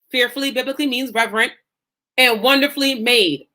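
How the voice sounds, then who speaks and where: A woman's voice: on the high side, moderate pace, sharp tone. A woman life coach teaching her group with passion and emphasis, in a preacherly way, with speech. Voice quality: emphatic, preacherly, acts out self-talk in quotes. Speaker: faith-based life coach.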